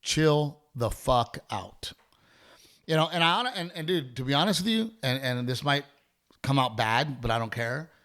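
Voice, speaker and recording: A man's voice: medium pitch, a little fast. A middle-aged man hosting a podcast, telling a story in a casual, rambling way, swearing freely and restarting his sentences often. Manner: profane, rambling, animated storyteller with many restarts. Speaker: podcast host.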